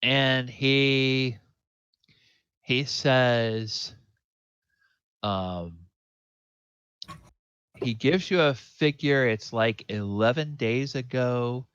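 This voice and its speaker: A man runs a tabletop game at an unhurried, drawn-out pace, filling gaps with ums and uhs. His voice sits mid-pitch, and the sound is dry and dull like call audio. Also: a bit bright, smooth, no room sound. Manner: slow, drawn-out narration with many fillers. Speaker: dungeon master.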